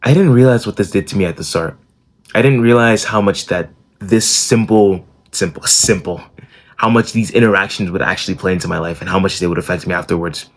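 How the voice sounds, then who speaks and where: A man's voice: low-pitched, fairly quick. A young man telling a personal story in a blunt, casual vlog, swearing freely. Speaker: self-improvement YouTuber.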